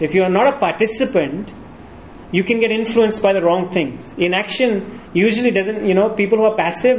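A man's voice: sits high, a little hiss or hum, low-quality recording. A pastor preaching a sermon, walking his congregation through scripture with frequent rhetorical questions.

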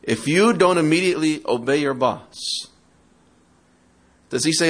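A man with a fairly high, slightly bright voice delivers a sermon to parents at a somewhat slow pace. He draws the audience in with questions and parodies quoted excuses mockingly.

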